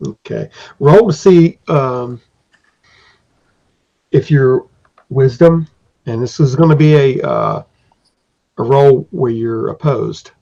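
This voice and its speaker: A man's voice: medium pitch, slow pace, gravelly, long pauses, warm tone. A man acting as game master, narrating a tabletop game in a rambling, descriptive way on a dull lo-fi recording.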